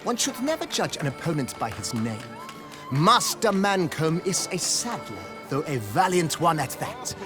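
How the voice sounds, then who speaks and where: An actor playing a theatrical fight promoter in a video game, announcing a challenger with grand boasts. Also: male voice, fairly high pitch, big pitch swings, moderate pace, music in the background. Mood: boastful.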